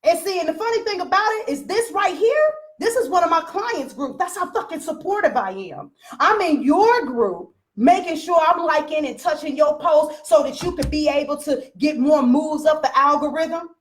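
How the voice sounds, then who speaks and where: A woman's voice: sits high, lively intonation, normal speed, hardly any pauses. A woman business coach talking straight to her followers in a blunt, profane, preachy rant. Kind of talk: unscripted live rant to followers.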